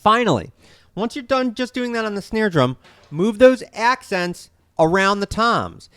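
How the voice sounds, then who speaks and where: A man's voice: sits high, very animated, a little slow, a bit bright, smooth, dry recording. A man teaching a drum lesson, counting beats aloud and explaining each step plainly. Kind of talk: instructional lesson.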